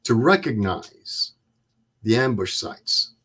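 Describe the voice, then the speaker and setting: A man in his seventies, a guest, telling stories in a plain-spoken, measured way. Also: mid-range voice, sing-song, fairly bright tone. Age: 70s. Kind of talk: storytelling interview.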